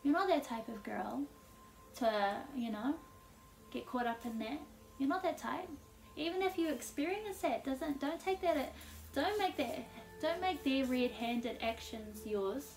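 Her pitch is high but her delivery is unhurried and a little mellow, with soft music in the background. She's a tarot reader doing a casual, intuitive reading, laughing often and saying "like" a lot, picked up by a far-off mic in an echoey space.

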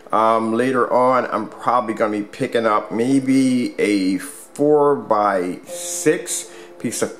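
A man casually demonstrating a product at home, rambling with many fillers and restarts. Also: lowish voice. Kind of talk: casual product demo vlog. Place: home room with squeaky floors.

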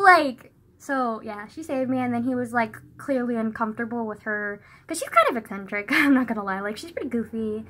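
Young woman vlogging on her phone, bright sharp voice, swears a lot, loud bursts then low mutters. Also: a little hiss or hum. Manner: animated, says "like" constantly, sighs and laughs. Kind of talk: casual storytime vlog.

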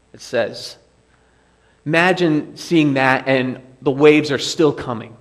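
Slow, deliberate male preacher. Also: mid-range voice. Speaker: pastor. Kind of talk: sermon. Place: church sanctuary.

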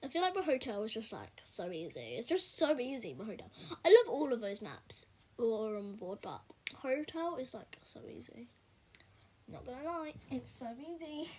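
A young woman chatting casually while she plays a game for her video, rambling and now and then bursting out loudly. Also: on the high side, very animated, normal speed, breathy edge. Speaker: gaming video creator. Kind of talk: casual gameplay commentary.

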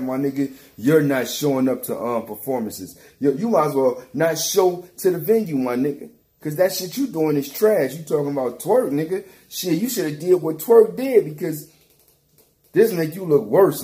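A man's voice: fairly high pitch, dark tone. A man giving a heated, profane commentary rant, repeating himself and calling someone out directly. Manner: heated, repetitive, calls out directly. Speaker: battle rap commentator.

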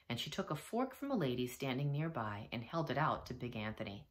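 A woman teacher reading a storybook aloud to children from home, expressive and gentle. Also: very deep voice, brisk, few pauses.

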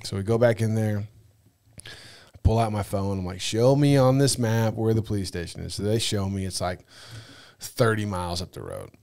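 A man's voice: lowish voice, normal speed, creaky, smooth. A man telling a travel story on a podcast in casual chat, swearing often and acting out the people he met. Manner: animated, profane, acts out dialogue. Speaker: podcast guest.

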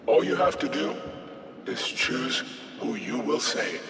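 A mocking masked psycho. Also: male voice, medium pitch, very noisy. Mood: menacing. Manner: calm, slow, mocking showman. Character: masked male psycho toying with captives. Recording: game audio with reverb and music.

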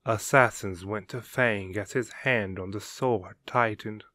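A man narrating a dramatic story in a measured, unhurried way. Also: fairly low pitch, pushed and bright. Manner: slow and measured, gravelly.

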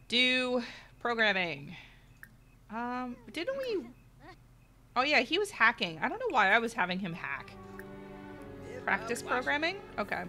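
A middle-aged woman hosts a let's play, chatting to her viewers as she plays. Her voice sits a touch high, bright and lively, jumping around with every exclamation. Soft game music plays underneath. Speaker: gaming channel host. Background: faint game music.

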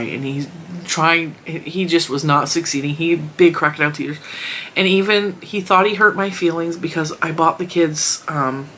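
A woman's voice: deep voice, fairly bright tone, a little hiss or hum. A woman vlogger rambling casually about her week and her crochet projects. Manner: chatty, rambling storytelling. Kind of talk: casual chat.

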